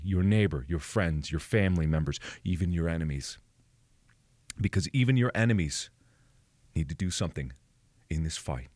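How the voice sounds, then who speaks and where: A man in his twenties giving a mock-solemn rallying monologue to camera, melodramatic and swinging between hushed and booming lines. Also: no echo, studio quality. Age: 20s. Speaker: video creator.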